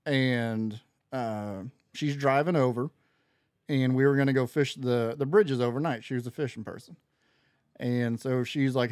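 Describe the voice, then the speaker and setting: A man of average pitch talks animatedly as a podcast guest, acting out the lines of people in his story. The sound is dry and close, with almost no room around him. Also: normal speed, no room sound. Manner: animated storyteller, acts out quoted dialogue. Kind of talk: casual storytelling chat.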